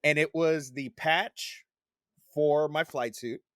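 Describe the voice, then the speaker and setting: Podcast host, man, 40s, profane animated storyteller, dry close mic. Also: on the high side, slow, no echo. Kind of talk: casual chat.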